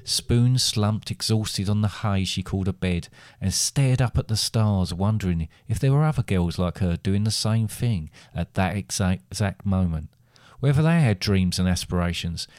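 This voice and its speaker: A middle-aged man with a lowish voice reads a silly fantasy tale with dry, deadpan timing. The recording is close and dead, with no room sound at all. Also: moderate pace, hardly any pauses, dry recording. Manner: deadpan, wry storytelling. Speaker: podcast co-host, father. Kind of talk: comic story read aloud.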